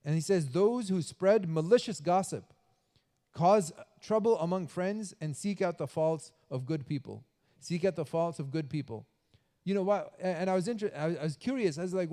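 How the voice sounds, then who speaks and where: Mosque speaker, male, higher voice, informal sermon with little acted asides, reverberant prayer hall. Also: normal speed, dark tone. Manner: conversational, acts out gossiping voices.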